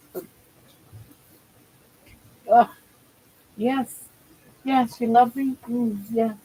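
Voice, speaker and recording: A woman's voice: medium pitch, creaky, darkish tone, a little hiss or hum, rough recording. An older woman at home hosting a casual live chat, talking in a chatty, rambling way and often restarting her sentences. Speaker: livestream host.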